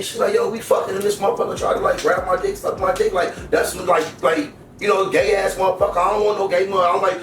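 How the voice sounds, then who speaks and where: A man's voice: sits high, fast talker, few pauses, faint music behind. An older man in casual chat, telling stories with lots of swearing and acted-out quotes. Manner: profane, animated storytelling with acted-out quotes. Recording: echoey room, distant mic, noisy.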